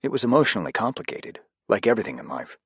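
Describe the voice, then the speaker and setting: A man narrating an audiobook with an expressive, varied delivery. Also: fairly low pitch, rapid-fire, breathy edge, no echo, studio quality.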